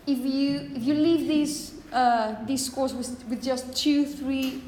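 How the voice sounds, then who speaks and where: A woman's voice: high voice, fairly even intonation, slow, darkish tone. Woman teaching phonetics in a roomy classroom. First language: Spanish. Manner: explanatory, checks in with "okay?" often. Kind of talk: classroom lecture. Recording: roomy classroom, faint background noise.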